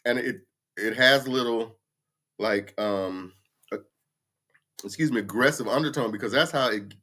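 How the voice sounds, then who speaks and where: This man, in his 50s, runs a casual livestream chat on a computer mic and rants bluntly, cursing as he goes. He speaks a little slowly in a mid-range voice that sounds pushed and bright.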